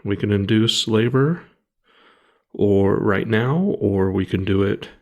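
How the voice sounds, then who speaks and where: Grieving and halting, a thirtysomething male podcast co-host shares a personal story full of restarts and pauses. His voice is on the low side, with the highs cut off.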